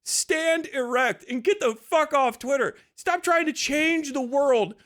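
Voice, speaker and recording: With an extremely high, fairly bright voice, this man hosts a livestream at a slow pace. He spits out a mocking, profane rant, swearing at every turn and laughing with contempt.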